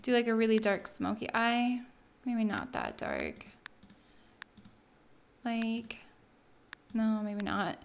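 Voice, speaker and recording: A woman hosting a let's play, chatting excitedly through casual gameplay commentary with lots of "like". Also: fairly high pitch, slow, long pauses, slight background noise.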